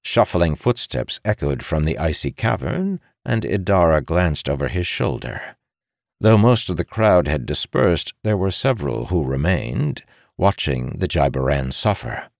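A man narrating a fantasy story as an audiobook reader, in an expressive, dramatic way. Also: extremely low pitch, unhurried, vocal fry, no echo, studio quality.

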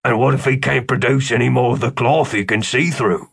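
A man's voice: medium pitch, a little fast, vocal fry, a bit bright, slightly rough. A man voicing a suspicious male innkeeper in an audiobook, blunt and doubtful. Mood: wary.

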